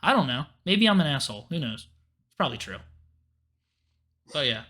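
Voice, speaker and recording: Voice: mid-range voice, sing-song, normal speed, sharp tone, slightly rough. A podcast co-host in casual sports chat, ranting animatedly about football with frequent swearing.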